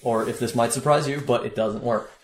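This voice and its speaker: A man's voice: mid-range voice, fairly quick, slight background noise. Easygoing male game master, joking narration, echoey room. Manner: relaxed, joking. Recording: roomy echo.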